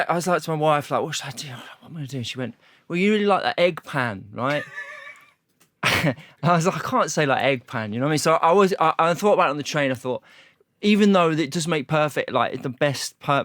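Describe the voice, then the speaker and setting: A man's voice: fairly high pitch, expressive, a little fast, fairly bright tone, no room sound, clean studio sound. A man with a Leicester accent, a musician chatting casually as a guest, rambling with many restarts. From Leicester, England. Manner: rambling, many restarts and "you know what I mean". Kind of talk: casual chat.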